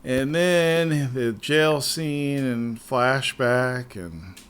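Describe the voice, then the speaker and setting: A man hosting a casual show, ranting in an animated, profane way and trailing off into repeated words. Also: medium pitch, extremely slow, clean tone. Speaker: podcast host.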